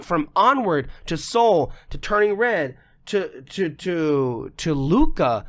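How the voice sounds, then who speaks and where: Male podcast co-host, fairly high-pitched, emphatic and profane, voice slightly worn. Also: animated, takes it slowly, hardly any pauses. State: losing his voice. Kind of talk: casual podcast discussion.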